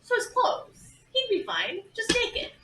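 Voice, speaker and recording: A woman at a tabletop game argues her points in a playful way. Her voice is high and bright, and it sounds distant in an echoey room with faint background hiss. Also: huge pitch swings, a little slow. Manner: playful and argumentative. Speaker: player. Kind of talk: casual tabletop game chat.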